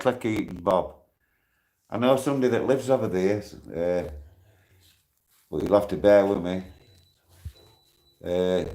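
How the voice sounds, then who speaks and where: Bloke in his 60s on a livestream, slow and blunt, swears a lot. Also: low-pitched. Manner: blunt and heated, swears freely. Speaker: live streamer. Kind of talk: casual live stream talk with shout-outs.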